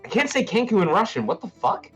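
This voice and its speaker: A man's voice: high voice, sing-song, fast talker, fairly bright tone, soft background music. A man playing a tabletop game on a video call, joking and swearing casually. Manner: joking, profane. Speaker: player.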